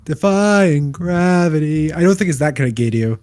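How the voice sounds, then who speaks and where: A man's voice: mid-range voice, lively intonation, very fast, a little mellow. A man co-hosting a podcast, chatting bluntly and warily. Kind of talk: casual chat.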